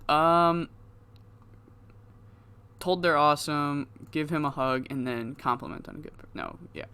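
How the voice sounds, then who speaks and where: A man's voice: a little high, measured pace, long pauses, bright, forceful tone, smooth. A man giving loose, rambling, profane commentary on his game, laughing at himself now and then. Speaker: gaming YouTuber.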